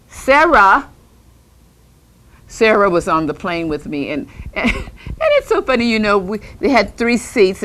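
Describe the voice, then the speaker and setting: A woman doing a rambling, ghost-seeing eccentric lady. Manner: rambling, scatterbrained, chats with invisible companions; lively, swooping pitch. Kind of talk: comedic character monologue.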